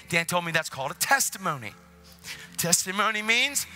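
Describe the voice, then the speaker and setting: A man preaching an energetic sermon in a church, telling a story and acting out both sides of the conversations, with sudden excited shouts. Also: high-pitched, a little fast, soft background music.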